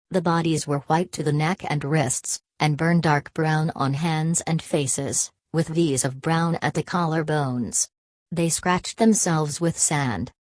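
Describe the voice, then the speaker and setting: Low-voiced woman reading an audiobook. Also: dry recording. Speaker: audiobook narrator. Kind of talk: audiobook narration.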